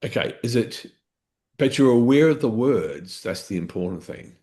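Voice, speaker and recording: A man's voice: medium pitch, animated, normal speed, dark tone. A man coaching a live training session, explaining step by step, restarting phrases and checking in with "okay?".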